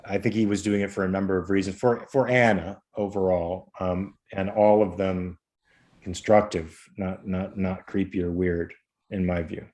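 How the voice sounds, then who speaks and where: A man co-hosting a live podcast, chatting casually in a relaxed way and repeating words while he thinks. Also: sits low, normal speed. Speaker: podcast co-host. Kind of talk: casual live-stream chat.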